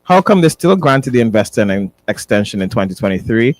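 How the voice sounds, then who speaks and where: A man's voice: fairly low pitch, big pitch swings, fairly quick. A man hosting a morning talk radio show, reading listener questions aloud. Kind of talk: casual talk radio banter.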